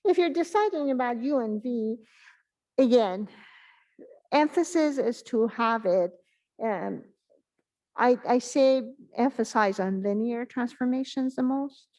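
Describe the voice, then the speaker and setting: A woman giving a math exam review in an online class, talking in a halting way and thinking aloud with many pauses and fillers. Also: on the high side, animated, a little mellow, poor audio. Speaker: math instructor.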